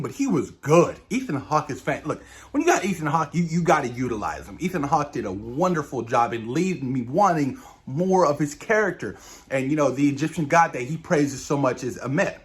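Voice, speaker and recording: A man with a fairly high voice talks through a TV episode in a loose, excited spoiler review. He gushes, swears casually and keeps addressing his viewers, and his voice sinks low and quiet as his phrases trail off. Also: fairly quick. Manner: enthusiastic, keeps saying "you guys", swears casually. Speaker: show reviewer.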